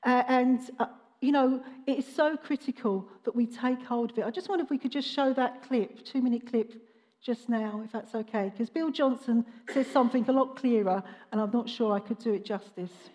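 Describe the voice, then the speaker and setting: A woman's voice: fairly high pitch, normal speed, a little mellow, big-room sound. A woman pastor preaching a sermon in an earnest, conversational way with some fillers.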